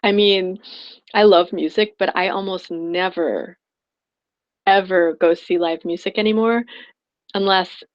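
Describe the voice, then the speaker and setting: A woman's voice: mid-range voice, fairly even intonation, unhurried, long pauses, dull audio. A woman coach telling a personal story in an online class, rambling and heartfelt with many restarts. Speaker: spiritual prosperity coach.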